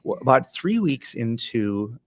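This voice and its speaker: A man's voice: mid-range voice, big pitch swings, a little slow, no echo. A middle-aged man from Minnesota, a chiropractor guest telling stories in a chatty way with many restarts. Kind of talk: casual interview.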